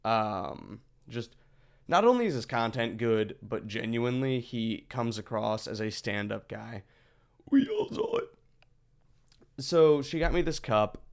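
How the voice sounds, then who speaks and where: Gravelly man rambling on a game stream. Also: medium pitch. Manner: rambling, chatty, profane asides. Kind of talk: casual live-stream gaming chatter.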